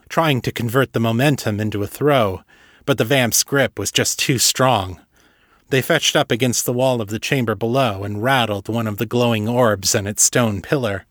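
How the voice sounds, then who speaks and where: Casting: man reading audiobook narration, even middle pitch, dry close sound. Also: no room sound. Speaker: author and podcast narrator.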